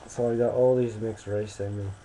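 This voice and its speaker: A man's voice: lowish voice, fairly even intonation, normal speed, warm tone, slight background noise, rough recording. A man in his twenties from Maryland, chatting casually to a webcam indoors in a rambling, self-correcting, joking way. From Maryland, United States.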